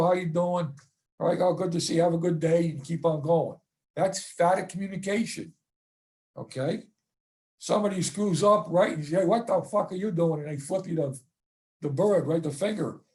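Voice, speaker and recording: A man's voice: on the high side, darkish tone. A middle-aged man giving a football coaching clinic talk, blunt and profane, ending his points with "okay?" and "right?".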